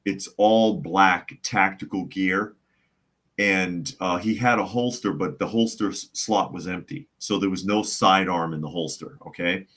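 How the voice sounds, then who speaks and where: A man with a low, deep voice hosts a live podcast in a loose, casual way. He reads viewer comments aloud and drifts into rambling stories, acting out the other people's voices as he goes. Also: steady tone, unhurried, fairly bright tone. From United States. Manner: rambling storyteller, acts out quoted voices. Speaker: podcast host.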